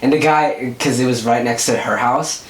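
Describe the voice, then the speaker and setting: A man's voice: mid-range voice, moderate pace. A young man from Southern California hosting a vlog, telling stories in a rambling, casual way full of fillers. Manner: rambling, filler-heavy storytelling. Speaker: vlog host. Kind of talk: casual chat. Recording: echoey room, mic at a distance.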